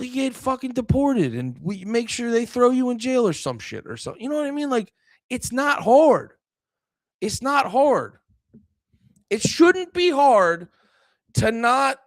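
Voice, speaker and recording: A man in his thirties, a podcast co-host, ranting heatedly and with heavy profanity, swinging from shouting to low mutters. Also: very animated, a little slow, no room sound, studio quality. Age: 30s. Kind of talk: profane political rant.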